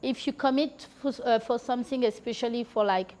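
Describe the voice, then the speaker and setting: Fairly quick and a touch high, this woman's darkish voice carries casual stories as a podcast guest. She's chatty, sprinkling in lots of "like" and "you know," and laughs every so often.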